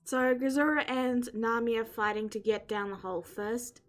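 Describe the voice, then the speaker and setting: A woman runs a tabletop game as game master, describing scenes and pausing often to find her words. Her voice sits a little high. Faint music plays underneath. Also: fairly even intonation.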